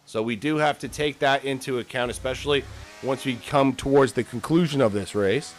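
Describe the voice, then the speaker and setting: A man's voice: medium pitch, brisk, a little hiss or hum. A man giving casual, joking live commentary on a sim race, swearing freely as he calls the action.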